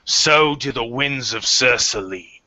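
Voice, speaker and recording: A man doing a hearty, booming tavern warrior. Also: slow pace, sharp tone, dry recording. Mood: earnest. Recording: dry, muffled lo-fi recording.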